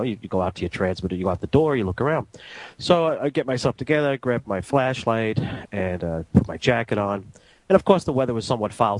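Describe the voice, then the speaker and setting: A man working as a radio transmitter engineer, telling anecdotes in a casual, animated way and acting out the dialogue. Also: fairly low pitch, no echo, poor audio. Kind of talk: casual storytelling.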